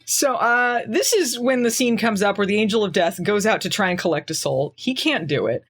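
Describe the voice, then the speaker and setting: A woman's voice: mid-range voice, expressive, normal speed, slightly rough. Laughing woman host recapping an episode. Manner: laughs often, jokey paraphrasing, acts out quotes. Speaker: podcast host. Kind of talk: casual chat recapping a TV episode.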